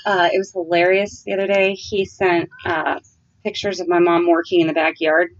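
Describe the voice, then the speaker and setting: A woman co-hosting a podcast, chatting casually and telling stories in a warm-hearted, talkative way. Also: on the low side, flat delivery, normal speed. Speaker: podcast co-host. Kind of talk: casual chat. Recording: dull, lo-fi sound.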